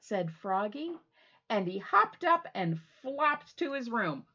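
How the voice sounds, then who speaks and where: Animated woman reading children's storytime. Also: high-pitched, slow pace, dull audio. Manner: warm, animated and playful with kids. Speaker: library storytime reader. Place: her home.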